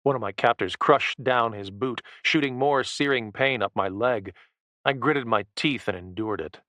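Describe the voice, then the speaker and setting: A man narrating a first-person action thriller audiobook with a low, tense, steady delivery. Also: normal speed.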